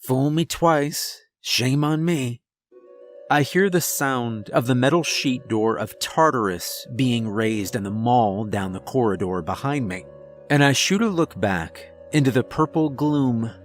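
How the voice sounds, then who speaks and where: A man's voice: medium pitch, a little slow, faint music behind. A man narrating a first-person horror story in a tense, scripted delivery.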